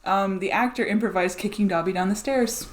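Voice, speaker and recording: Giggly young woman co-hosting a podcast. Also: mid-range voice. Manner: giggly, swearing, rapid asides. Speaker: podcast co-host. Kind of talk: casual chat. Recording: faint background noise.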